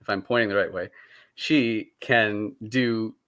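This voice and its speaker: A man with a bright, forward voice talks keenly about his books. He chuckles often and stumbles over his first words as ideas pile up. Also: fairly low pitch, steady tone, unhurried, smooth. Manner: enthusiastic, chuckling, repeats words as he starts. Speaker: author guest. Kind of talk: casual video call interview.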